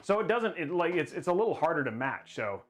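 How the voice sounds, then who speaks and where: A man hosting a casual livestream while building a PC, excitable and rambling as he hypes the viewers' goals. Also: fairly high pitch, quick pace, faint music behind.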